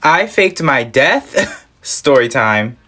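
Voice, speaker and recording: A man's voice: medium pitch, very animated, takes it slowly, pushed and bright. A man telling a funny childhood storytime, laughing as he goes. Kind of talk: storytime monologue.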